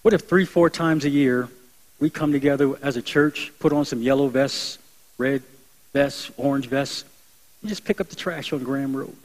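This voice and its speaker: A young adult man preaching to his church in an earnest, conversational way. His delivery swells into emphatic, lifted phrases and then drops back to a quieter, reflective tone. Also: medium pitch, moderate pace, rough recording. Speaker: pastor. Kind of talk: sermon.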